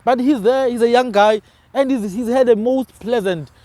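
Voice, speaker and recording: South african guy, pretty high voice, dry close sound, emphatic and animated, keeps saying man. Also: moderate pace, no echo. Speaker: podcast host. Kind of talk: casual discussion.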